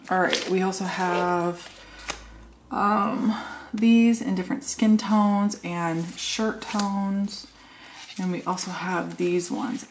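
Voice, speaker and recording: A woman's voice: on the low side, slight background noise. A woman chatting casually and thinking aloud while decorating a planner, joking at her own expense. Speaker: planner vlogger.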